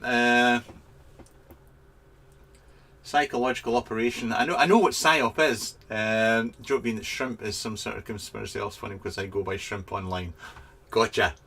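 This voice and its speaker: Scottish man, bright tone, casual chatty vlog, swears easily, lots of ums and restarts, webcam sound. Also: on the low side, moderate pace, slightly rough. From Scotland. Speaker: vaping product reviewer reading viewer comments. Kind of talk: casual live chat vlog. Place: garden shed.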